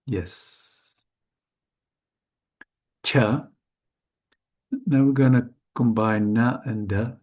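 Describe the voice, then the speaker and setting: A man whose first language is Dutch, teaching Sanskrit letters in a slow, careful lesson, hesitant and correcting himself often. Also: mid-range voice, warm tone. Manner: hesitant, halting, with frequent self-corrections.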